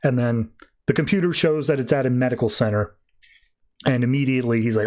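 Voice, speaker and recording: A podcast host recapping a comic book in a loose, chatty way. He is wry and offhand and swears now and then. His voice sits in a middle pitch. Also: fairly quick, a little mellow.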